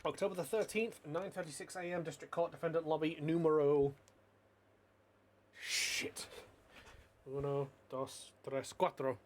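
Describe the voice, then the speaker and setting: A man's voice: a little high, fairly even intonation, unhurried, long pauses, slight background noise. A man streaming a video game with casual, profane, joking commentary. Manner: profane, jokey.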